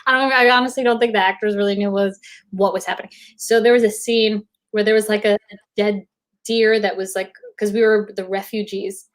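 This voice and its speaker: A woman guest on a video-call interview, telling an animated anecdote and acting out quotes. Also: a little fast. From United States. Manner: animated, acts out quotes in high voices. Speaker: guest actor. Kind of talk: casual storytelling.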